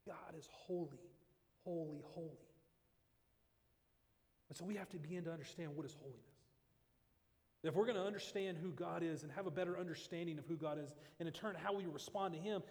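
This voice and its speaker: Male pastor, higher-pitched, earnest halting sermon delivery, reverberant hall. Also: darkish tone. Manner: earnest preaching with repeated restarts.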